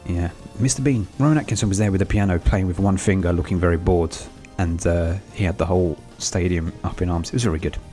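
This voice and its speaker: A man's voice: low-pitched, quick pace, few pauses, mellow, faint music behind. A man co-hosting a podcast, chatting casually and teasing his co-host. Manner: teasing, jokey. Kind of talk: casual chat.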